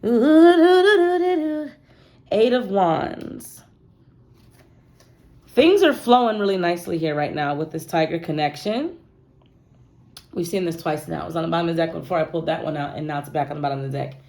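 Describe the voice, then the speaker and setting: A woman's voice: low voice, fairly quick, gravelly, long pauses, darkish tone. A woman giving a casual tarot reading, talking playfully and straight to her viewers. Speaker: tarot card reader.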